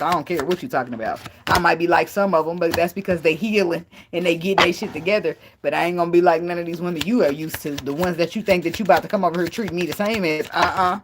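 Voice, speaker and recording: A woman's voice: on the low side, noisy background. A young woman reading tarot and giving blunt relationship advice in a casual, profane way, laughing often and wandering off on tangents. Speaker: tarot reader. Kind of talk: casual spiritual advice talk.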